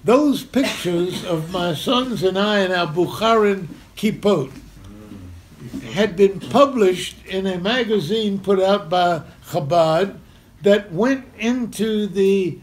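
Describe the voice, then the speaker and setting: An animated older storyteller from Memphis, Tennessee, chuckling as he acts out scenes, recounts a personal story to a live community center crowd. He talks slowly at a high pitch, and the audio carries a little hiss or hum.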